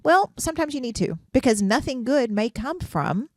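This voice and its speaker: A woman's voice: high-pitched, very animated, fairly quick, a little mellow, dry recording, clean studio sound. A middle-aged woman, a therapist hosting a podcast, talking earnestly about relationships, asking rhetorical questions and restarting her sentences as she goes. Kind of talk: casual advice podcast monologue.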